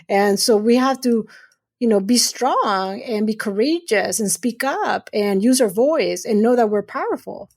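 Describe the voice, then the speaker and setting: A middle-aged woman, a urologist appearing as a surgeon guest on a podcast interview, speaks in a slightly high, expressive, somewhat mellow voice at a measured pace. She talks earnestly and emphatically, often repeating phrases to give them weight.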